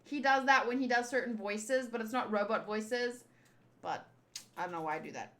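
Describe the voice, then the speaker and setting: A woman reading through a manga and reacting to it in casual, excitable fan commentary, often laughing. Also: on the high side, moderate pace.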